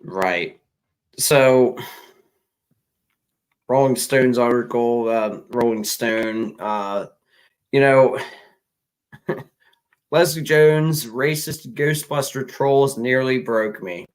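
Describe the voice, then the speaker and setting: A man's voice: mid-range voice, extremely slow, long pauses, rough recording. A man co-hosting a casual commentary show, ranting in an exasperated, profane way with many restarts. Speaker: podcast co-host.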